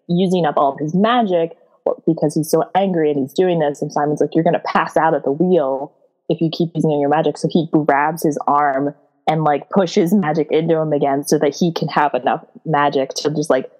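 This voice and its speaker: Woman, low-pitched, podcast co-host, rambling, giggly, casual book chat. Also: steady tone, fairly quick, a little mellow, poor audio. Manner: rambling, many "like" fillers, giggly.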